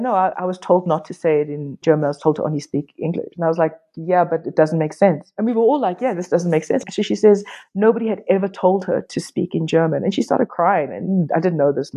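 A woman artist, a podcast guest, telling stories frankly and casually, swearing and quoting others in lively voices. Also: on the low side, breathy edge. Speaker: artist and workshop teacher, guest. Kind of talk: candid conversational storytelling.

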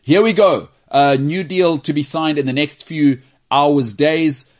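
A South African man hosting a casual football podcast, animated and joking as he tells stories. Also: a little high, a little slow. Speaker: podcast host.

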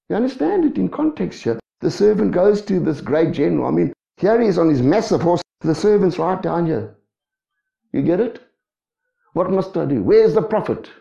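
Gravelly, animated male preacher. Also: high voice. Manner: lively preaching with rhetorical questions. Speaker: pastor. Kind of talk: sermon. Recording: echoey dull room sound.

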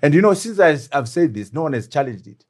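A man's voice: a little high, sing-song, fast, noisy background. A middle-aged man from Zimbabwe, a former deputy prime minister, speaking as an interview guest, emphatic and fond of rhetorical questions. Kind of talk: animated political interview.

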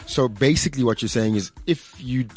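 A man's voice: mid-range voice, brisk, darkish tone. A man from South Africa with a South African accent, co-hosting a chat in a playful, joking way. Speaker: co-host. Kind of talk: casual chat.

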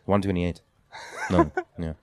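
A man's voice: low voice, steady tone, unhurried, clear, resonant tone, no echo. Joking man hosting a podcast. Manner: joking, teasing, rambling with many restarts. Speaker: podcast host. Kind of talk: casual street interview. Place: outdoor skate park. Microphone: handheld microphone.

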